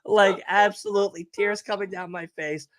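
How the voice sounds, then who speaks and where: A young man co-hosting a livestream, telling a story in animated casual chat and swearing often. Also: sits high, normal speed. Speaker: livestream co-host.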